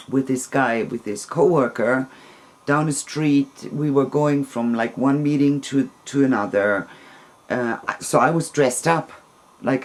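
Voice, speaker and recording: A woman's voice: very deep voice, a little mellow. A woman, telling a personal story to camera in a hesitant way, often restarting and searching for words. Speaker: vlogger.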